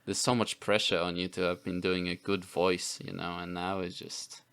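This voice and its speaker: Podcast guy rambling with lots of "you know", smooth clear voice, lowish. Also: flat delivery, moderate pace, fairly bright tone. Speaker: podcast co-host. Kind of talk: casual chat.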